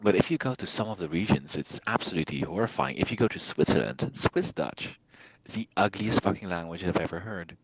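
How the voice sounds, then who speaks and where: A man in casual conversation, giving blunt opinions in a halting way full of fillers. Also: low voice, lively intonation, creaky, slight background noise, rough recording.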